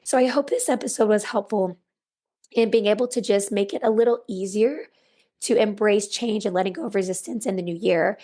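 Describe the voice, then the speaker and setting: A woman hosting a self-help podcast, earnest and repeating key phrases, her voice raspy and worn. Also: mid-range voice, brisk, dark tone. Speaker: podcast host. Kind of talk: encouraging self-help monologue.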